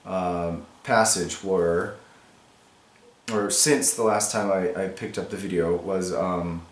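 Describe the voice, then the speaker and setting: A man's voice: sits low, fairly even intonation, slow, roomy sound. A male teacher annotating a text for his students, thinking aloud in a casual, explanatory way.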